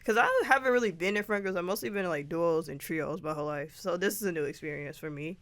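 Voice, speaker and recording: A woman's voice: lowish voice, quick pace. Playful teen girl, laughing often. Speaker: student. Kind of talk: casual chat.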